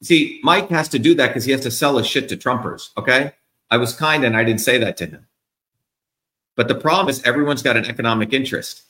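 A man's voice: mid-range voice, brisk, pushed and bright, echoey room. A man being interviewed as a political candidate, ranting in a combative, profane, emphatic way. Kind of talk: heated interview rant.

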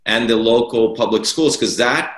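A man's voice: medium pitch, normal speed. A man arguing his political views as an interview guest, emphatic and repeating key words for stress. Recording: roomy echo.

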